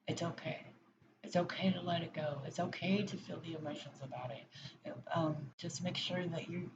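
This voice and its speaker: A woman giving a pick-a-pile oracle card reading, speaking in a gentle, reassuring way with frequent hesitations. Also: sits low. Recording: dull lo-fi sound with background noise.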